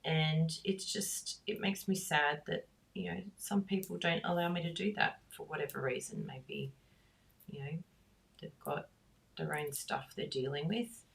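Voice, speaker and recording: A middle-aged woman, hosting a craft class and chatting in a rambling, warm way that breaks into laughs. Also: low voice, a little slow, vocal fry, recorded from a distance. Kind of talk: chatty talk while crafting.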